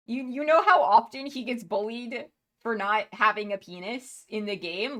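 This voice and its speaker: A woman's voice: on the high side, bright, forceful tone. Gushing, rambling woman streamer. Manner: gushing, rambling, quick to laugh, frequent restarts. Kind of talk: casual live-stream chat.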